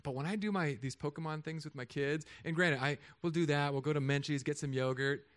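A man in his thirties, a pastor, preaching a sermon with animated, humorous storytelling. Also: on the high side, brisk, clear, resonant tone.

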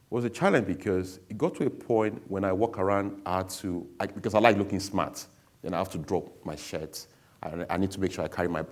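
A man's voice: low-pitched, a little mellow. A man giving a candid, emotional personal testimony to an audience, speaking bluntly.

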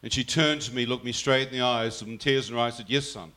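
A man tells his own story in a bright, forceful voice. He speaks earnestly and slips into his mother's words as he recounts them. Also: mid-range voice, fairly even intonation, fast. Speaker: guest telling his testimony. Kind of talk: personal storytelling.

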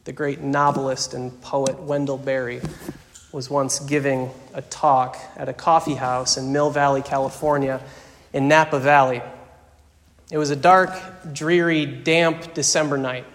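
Man preaching slowly in a reverberant church. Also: medium pitch, flat delivery. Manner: measured preaching with rhythmic lists, dropping to hushed tones. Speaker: pastor. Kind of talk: sermon. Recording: long hall reverb.

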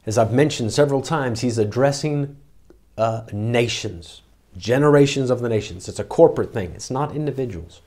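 A man preaching an expository sermon, reading scripture slowly and repeating words for emphasis. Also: medium pitch, a little mellow.

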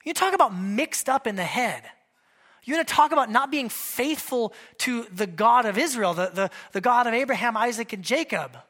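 Woman pastor, bright and fairly high voice, animated and conversational in the pulpit. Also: moderate pace. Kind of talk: sermon. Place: church service held in a theater.

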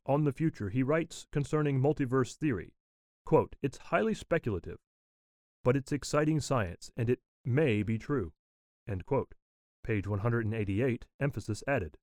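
A man reading a written nonfiction text aloud in a measured, deliberate way, speaking the citations and quote marks as he goes. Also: mid-range voice, a little mellow, no room sound, clean studio sound.

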